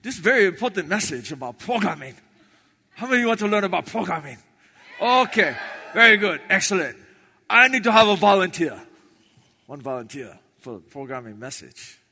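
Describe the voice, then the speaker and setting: Lively high-voiced comedian, echoey hall. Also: male voice, brisk. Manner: clipped broken English with chanted shouted name lists. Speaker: stand-up comedian. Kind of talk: live stand-up with a broken-English stage persona. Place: stage in a large hall with an audience.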